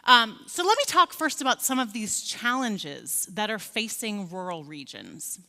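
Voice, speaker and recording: Keynote speaker: American-accented woman in her 40s, bright and forceful, chatty lecture style, reverberant hall. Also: medium pitch, big pitch swings, a little slow. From Scotland. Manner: friendly, conversational, many fillers and restarts. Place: large conference hall.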